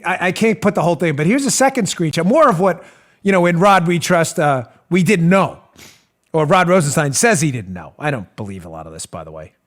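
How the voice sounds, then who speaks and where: A high-pitched man hosts a political talk show, giving animated, sarcastic commentary. He acts out little mocking scenes as he goes.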